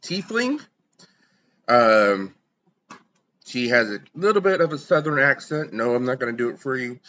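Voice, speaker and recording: Bright-voiced casual game master. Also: male voice, mid-range voice, animated, normal speed, muffled recording. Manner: casual, loose narration with fillers. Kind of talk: tabletop game narration.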